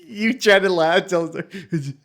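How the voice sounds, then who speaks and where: A man's voice: high-pitched, takes it slowly, fairly bright tone, a little hiss or hum. A man co-hosting a casual movie-review podcast, wry and chatty, with fillers and casual swearing. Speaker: podcast co-host.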